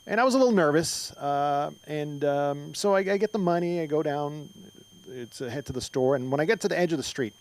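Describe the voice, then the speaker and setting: A man's voice: a little high, a little fast, low-quality recording. A middle-aged man from Mexico doing a stand-up comedy set on a club stage, rambling through stories with lots of fillers and restarts. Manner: rambling, filler-heavy storytelling with frequent restarts.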